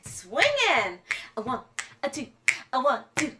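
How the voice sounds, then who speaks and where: Soft-spoken woman leading a kids' sing-along. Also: fairly high pitch, lively intonation, normal speed, slight background noise. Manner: soft, encouraging, often drops to a whisper. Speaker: children's musician and bandleader. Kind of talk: gentle sing-along talk to children. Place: at home.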